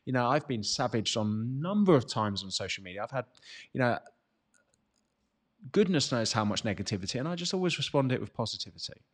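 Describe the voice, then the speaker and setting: A man in his thirties with a British accent, giving a casual motivational talk as a fitness coach, blunt and energetic with free swearing. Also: medium pitch.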